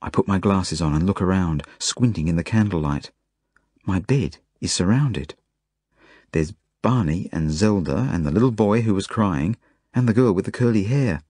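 An audiobook narrator reads a children's novel in the first person, in an earnest, plain storytelling style. His voice is on the low side, warm and slightly rough, in a dry, clean studio recording.

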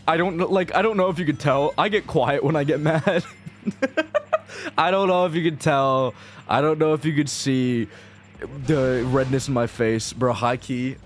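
A young man giving casual, profane gameplay commentary as a video creator, rambling and frustrated, dropping to mutters and then bursting out. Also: mid-range voice. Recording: faint game music behind.

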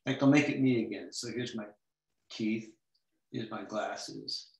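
A man's voice: lowish voice, measured pace, creaky, darkish tone, echoey room. A man leading an online comics drawing lesson over a video call, playful and chatty, making silly sound effects as he draws. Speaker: comics workshop teacher.

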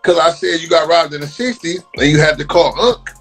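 A man's voice: a little high, brisk, husky, faint music behind. A man ranting on a livestream, heated, repetitive and mocking.

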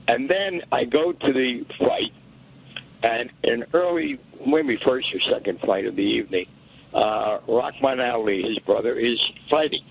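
An older man with a gravelly, husky voice, spinning stories in an interview. He talks with animated energy and acts out the lines people said. His delivery is that of a seasoned storyteller who has told these tales many times. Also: mid-range voice, moderate pace, rough recording. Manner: animated storyteller acting out quotes. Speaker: boxing historian.

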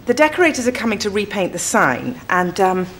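An actress playing a flustered, hesitant young brewery rep in a sitcom. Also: female voice, medium pitch, big pitch swings, fairly quick, slight background noise, natural voice. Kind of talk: sitcom acting.

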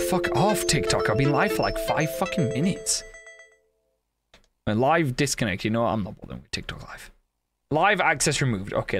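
A man's voice: fairly high pitch, a bit bright. A young man commentating as he plays a game, casual and sweary, with laughing reactions. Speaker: gaming streamer. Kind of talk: let's play commentary.

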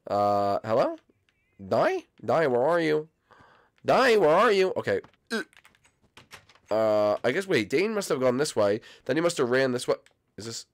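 An excitable man hosts his gameplay video with live commentary. His voice swings widely in pitch and jumps into shrill squeals of greeting. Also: unhurried, pauses often. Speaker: gaming video host.

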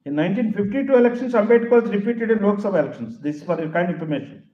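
A man's voice: sits high, animated, dull audio. Male professor, emphatic speech, roomy echoey hall. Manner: emphatic, repeats key phrases, deliberate. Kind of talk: public lecture.

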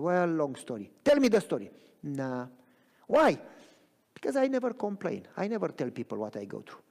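A man preaching with a raised, lively voice that leaps between loud cries and hushed near-whispers. He keeps checking in with the congregation, and his words ring out with a long church-hall reverb. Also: fairly high pitch. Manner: asks the audience if they follow him. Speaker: pastor. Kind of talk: sermon. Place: church sanctuary.

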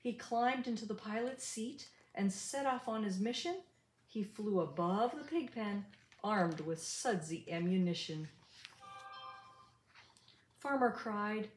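An older woman reading a rhyming picture book aloud in an animated, sing-song way. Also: medium pitch, slow, roomy sound. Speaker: storybook reader.

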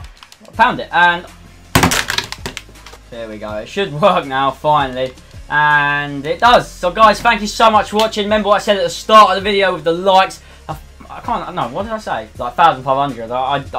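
A young man commentating his own football video game match, swinging between low muttering and swearing, shouting outbursts. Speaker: gaming YouTuber. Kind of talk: live gameplay commentary.

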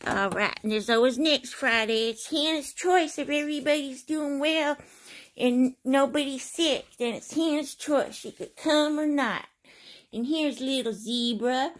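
A woman's voice: high voice, a little slow. A woman in a casual home vlog, talking in a sing-song way as if to a child. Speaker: vlogger.

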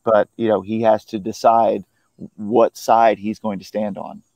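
A man, a film critic, chatting casually about a film he saw, often pausing and restarting his sentences. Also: lowish voice, flat delivery, vocal fry, darkish tone, no room sound. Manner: hesitant, full of restarts and "you know". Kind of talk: casual film review chat.

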